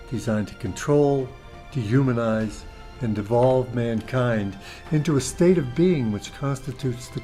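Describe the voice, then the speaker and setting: A man's voice: mid-range voice, darkish tone. A man giving grave, urgent scripted documentary narration.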